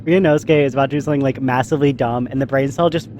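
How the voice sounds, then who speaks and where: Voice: mid-range voice, fairly even intonation, rapid-fire, a little mellow, slight background noise. Rambling, casual let's play co-host. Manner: rambling, lots of "like" fillers. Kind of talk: casual chat over a game.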